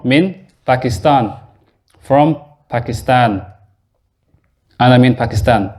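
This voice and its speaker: Male teacher, mid-pitched, leads a beginners' class in a mosque classroom, explains patiently and quizzes students. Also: takes it slowly, a little mellow. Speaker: Arabic teacher. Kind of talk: classroom lesson.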